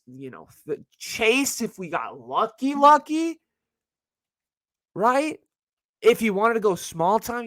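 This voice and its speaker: A young man in his early twenties from Northern California talks alone into the mic in a loose, slangy, rambling style. His pitch sits a bit high and swings widely, leaping up when he gets worked up. The sound is dry and close. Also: fairly bright tone, no room sound. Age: early 20s. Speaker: podcast host. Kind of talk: casual solo rant.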